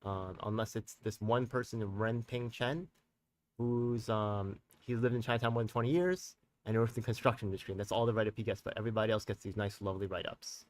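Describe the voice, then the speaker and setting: A community activist hosts a live stream, his voice fairly low and steady in tone, picked up from a distant mic. He rambles in a heated, profane way, packed with street slang, and keeps checking in with viewers through quick tag questions.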